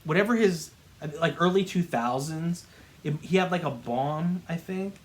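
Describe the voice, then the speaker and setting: A man's voice: a little high, lively intonation. Rambling chatty male co-host. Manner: rambling, chatty, quick to laugh. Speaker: podcast co-host. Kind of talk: casual movie chat.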